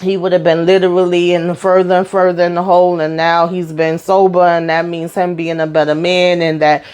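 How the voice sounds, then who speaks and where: A woman hosting her own channel and recapping a reality TV episode in a casual, animated way, swearing freely and acting out what the people on the show said. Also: fairly low pitch, brisk, clear, resonant tone.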